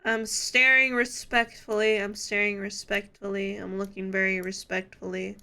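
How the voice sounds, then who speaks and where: A woman's voice: medium pitch, little pitch movement, normal speed, gravelly, bright, forceful tone. A young woman streaming, chatting casually with her viewers, giddy and laughing often. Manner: giddy, laughs often, talks straight to chat.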